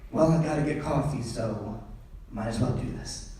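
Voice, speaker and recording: A man's voice: normal speed, slight background noise, natural voice. A man doing his nervous, muttering dad. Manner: low hushed muttering. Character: nervous middle-aged dad muttering to himself. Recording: echoey theatre from far off.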